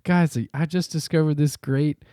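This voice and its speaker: A man putting on the voice of a bubbly young woman showing off a recipe, chattering excitedly. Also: a little high, normal speed, smooth, no room sound, clean studio sound, voice pushed up, close to an everyday voice.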